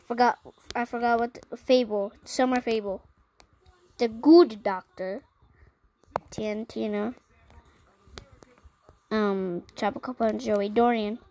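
A female host of a gaming channel talks casually through a long list of items. Her voice sits a little high and her pace is slow and unhurried. She keeps filling the gaps between items with ums and short pauses. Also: fairly even intonation, darkish tone, slight background noise, low-quality recording. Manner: listing items one by one, with many ums and pauses.

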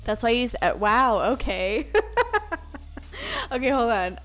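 A woman's voice: on the high side, expressive, measured pace, long pauses, fairly bright tone, soft background music. A woman live streaming a game, chatting casually with her viewers, giggly and swearing freely. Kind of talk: casual live-stream chat while gaming.

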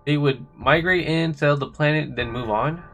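A man voicing a cold, proud male swordsman villain from a video game, reading his lines slowly and deliberately. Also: a little high, a bit bright, faint music behind.

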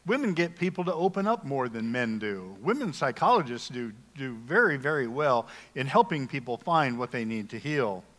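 A man's voice: mid-range voice, very animated, normal speed, hardly any pauses, fairly bright tone. A middle-aged male pastor preaching a sermon in a folksy, humorous, conversational way. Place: church sanctuary. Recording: long reverb of a church hall.

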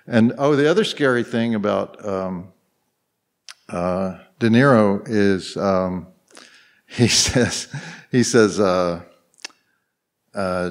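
A man's voice: lowish voice, takes it slowly, long pauses. Rambling man telling stories on a panel. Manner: rambling, heavy on fillers and restarts, chuckling often. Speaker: panel guest. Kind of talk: anecdotal storytelling on a live panel. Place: convention panel room.

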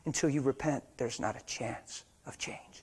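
An older white-haired preacher telling a story in a sermon, dropping to hushed whispers and rising to loud, fervent preaching before a live audience. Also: male voice, mid-range voice, normal speed, slightly rough. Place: church or meeting hall before a live audience.

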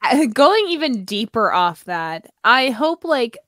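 A woman's voice: on the high side, sing-song, slow pace, fairly bright tone, dry recording, studio quality. A woman co-hosting a podcast in casual chat. She laughs often and trails off mid-sentence. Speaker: podcast co-host.

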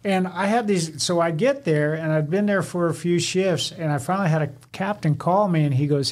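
A man with a slightly high voice chats casually on a podcast. He tells a fire-station story with energy and acts out each quoted line. He has the plain, direct way of talking of a veteran fire captain. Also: fairly quick, few pauses. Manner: animated storyteller who acts out quoted dialogue.

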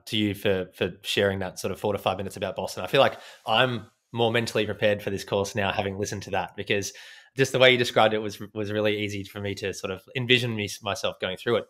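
A man's voice: on the low side, fairly even intonation, fast talker, a bit bright. A man hosting a podcast, thanking his guest and asking long, earnest questions. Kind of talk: interview questions.

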